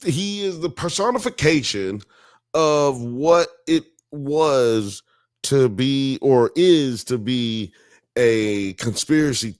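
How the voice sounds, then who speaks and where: A man's voice: medium pitch, darkish tone, no room sound, studio quality. A man from Alabama with a Southern accent, hosting a podcast and rambling casually through profane, digressive commentary on a documentary. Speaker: podcast host.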